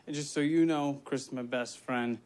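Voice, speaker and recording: A man's voice: medium pitch, fairly even intonation, normal speed, a little mellow, lightly acted. An actor playing a tired, exasperated man stuck in a time loop, talking dry and sarcastic. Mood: weary. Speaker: actor in a film. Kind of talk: film dialogue.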